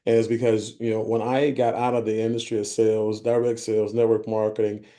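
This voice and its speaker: A man's voice: lowish voice, monotone, brisk, dark tone. A man giving a conversational business presentation to a group, often checking in with his listeners. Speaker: company vice president presenting.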